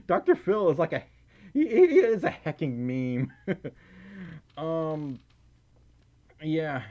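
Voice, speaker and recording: A breathless, giggly streamer chats through donations in a lively voice that swoops up and down, tripping over words and apologizing. The sound is dull and lo-fi. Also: medium pitch, slow, long pauses. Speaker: livestreamer. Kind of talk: casual livestream chat reading donations.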